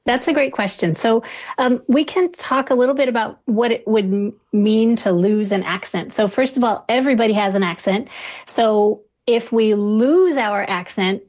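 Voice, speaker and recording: A woman who studies accents, a guest explaining clearly and patiently in conversation. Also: on the high side, a little mellow. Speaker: linguist guest.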